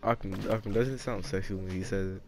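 A man in gaming voice chat, teasing his friend in a low mumble. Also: steady tone, fast talker. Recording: loud noise on game capture.

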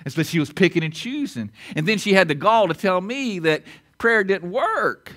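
A male pastor preaching a sermon, emphatic, repeating key lines and swinging between loud and quiet. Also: sits high, expressive, normal speed. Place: church auditorium.

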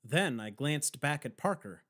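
A man's voice: a little high, lively intonation, unhurried, a bit bright. A man narrating a first-person audiobook with wry, dry storytelling.

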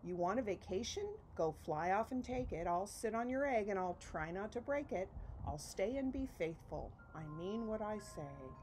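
A woman voicing a gentle, faithful male elephant who speaks earnestly in a storybook reading. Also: mid-range voice, moderate pace, few pauses, a little hiss or hum, natural voice. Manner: earnest, steady.

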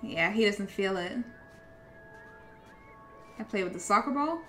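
This gameplay streamer is a young woman offering chatty let's-play commentary and reacting out loud to the game. Her mid-range voice is bright, forceful and animated, a touch slow, with faint music in the background.

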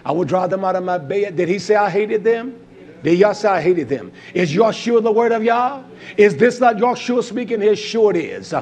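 Male preacher, high voice, fiery sermon delivery, hushed to shouting. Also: expressive, normal speed.

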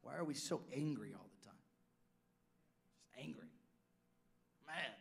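A pastor preaching a sermon, swinging from loud declarations down to hushed asides. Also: male voice, medium pitch, animated, unhurried, gravelly.

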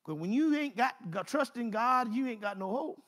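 A man's voice: very high voice, animated, moderate pace, a bit bright. A man preaching a conversational sermon, folksy and repeating phrases in driving bursts.

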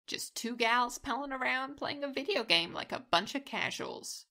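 A woman's voice: on the high side, expressive, normal speed, creaky, pushed and bright, full character voice. A woman playing a cocky young gamer who needles her rival with provocative taunts. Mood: taunting.

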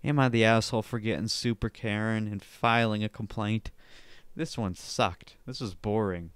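A man hosting a casual solo podcast, reading online posts aloud with offhand mumbled asides and sudden loud, silly outbursts. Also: fairly low pitch, fairly even intonation, moderate pace, smooth, no room sound. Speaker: podcast host.

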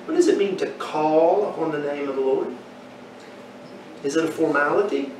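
A man's voice: on the high side, very animated, moderate pace. A man teaching a Bible class, quizzing his listeners and telling folksy stories. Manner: asks the class questions, folksy storytelling. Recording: echoey room from far off, faint noise.

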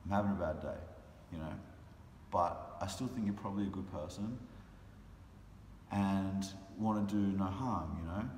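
A man's voice: sits low, steady tone, a little fast, darkish tone. A tired, frustrated man in a casual vlog monologue, talking in heated, impassioned bursts. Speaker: vlogger and animal rights speaker. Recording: roomy echo with long reverb and faint noise.

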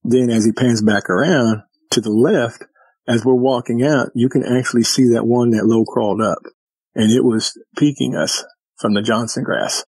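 A man's voice: medium pitch, steady tone, moderate pace, darkish tone, breathy edge, dry recording, poor audio. A man, a guest, casually telling a story in vivid detail and acting out what people said. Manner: vivid retelling with quoted dialogue.

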